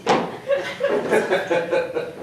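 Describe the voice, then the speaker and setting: A woman's voice: extremely slow, a little hiss or hum. A woman playing a self-absorbed, ditzy young American tourist on a live comedy stage, bubbly and giggly with lots of filler talk. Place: cabaret piano bar stage. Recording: echoey room from far off.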